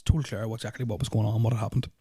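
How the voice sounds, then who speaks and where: Young guy, podcast host, fast, flat-toned, rambling and uneasy, dry close sound. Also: on the low side, slightly rough, no echo. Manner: rambling, full of "like" fillers, restarts and swearing; nervous, uneasy retelling. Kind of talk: casual storytelling of personal experiences.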